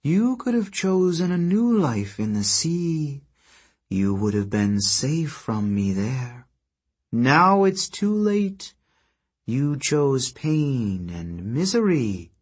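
A man voicing a sleepy, ancient earth goddess in a slow, drowsy whispered role-play, with a husky voice. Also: mid-range voice, sing-song, heavily acted. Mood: menacing.

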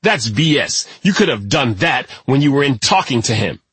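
A man voicing a blustering, aggressive lawyer father in an audiobook, with a husky voice. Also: medium pitch, sing-song, moderate pace, fairly bright tone, no room sound, voice pushed up, heavily acted. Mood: combative. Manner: blustering, combative.

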